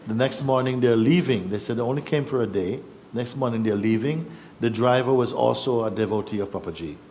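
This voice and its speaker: Guy telling his story slow and thoughtful, pauses a lot, faint hiss in the back. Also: medium pitch, darkish tone. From Jamaica. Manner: reflective, unhurried, with pauses and restarts. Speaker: spiritual teacher. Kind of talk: personal storytelling.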